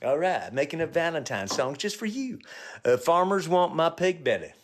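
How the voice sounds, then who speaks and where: A middle-aged male comedian riffing crude jokes to viewers on a phone live stream, dropping to low mutters and jumping to high yelps. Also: very animated, moderate pace, soft background music.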